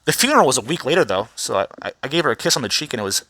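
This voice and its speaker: A man's voice: medium pitch, very animated, very fast, hardly any pauses, pushed and bright, no room sound. A man vlogging a profane, rambling commentary rant with frequent restarts. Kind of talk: ranting commentary vlog.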